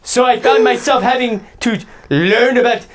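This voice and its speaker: A man's voice: extremely high pitch, moderate pace, a little hiss or hum. A man playing a whiny, self-pitying braggart. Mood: indignant. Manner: rambling, indignant comic complaining. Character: boastful, self-pitying man cursed by his name. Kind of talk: improvised comedy sketch.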